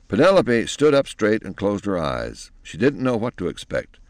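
A man with a low, deep voice narrates a storybook aloud. His reading swings widely in pitch, and the sound is close and dry. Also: normal speed, few pauses, dry recording. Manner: expressive, animated reading.

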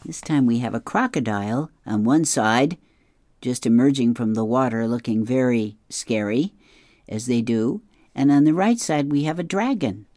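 A middle-aged woman reading newspaper comics aloud, describing each panel in a relaxed, amused way. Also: very deep voice, normal speed, dry recording. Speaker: comic strip reader.

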